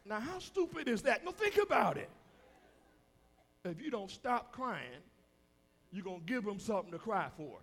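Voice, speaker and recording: A preacher whose voice sits high and moves a great deal, climbing and falling across every phrase. He swings between quiet, hushed stretches and loud calls to the congregation, and he acts out the people he quotes in a folksy, down-home way. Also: very animated, moderate pace, pauses often. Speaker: pastor. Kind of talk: sermon. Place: church hall with a congregation.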